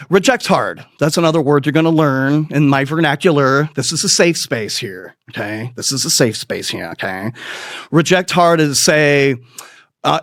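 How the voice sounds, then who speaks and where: A man spins a crude comic story as a podcast host, rambling and swearing freely while mocking himself. His voice sits a touch high for a man, and the sound is close and dry with no room around it. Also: no echo. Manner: rambling, profane, self-mocking, laughs at his own stories.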